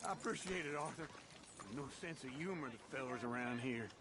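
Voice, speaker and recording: A man's voice: medium pitch, fairly quick, a crowd in the background, lightly acted. An actor playing an easygoing frontier man who drinks, talking in a friendly drawl, heard as game audio. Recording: game audio under loud noise.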